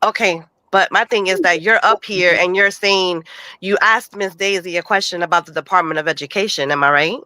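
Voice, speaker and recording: A woman's voice: lowish voice, a little fast, sharp tone, clear, resonant tone, dry recording, rough recording. A woman from Puerto Rico calling into a casual chat, stuffy from a cold and insistent, often repeating herself as she argues. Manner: insistent, talks over others, repeats words. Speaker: caller joining a live chat.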